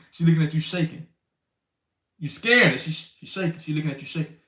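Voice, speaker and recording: A man gives an informal bible teaching, slangy and conversational, and acts out everyday scenes for the brothers. His voice sits a little high for a man. It is picked up from a distance and rings in a roomy space. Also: brisk, a bit bright. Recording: roomy sound from a distant mic.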